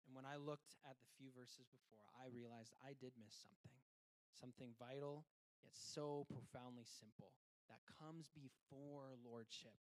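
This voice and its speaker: A man preaching a sermon, earnest and reflective, dropping to quiet, slow lines and then rising into emphatic bursts. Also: on the high side, poor audio.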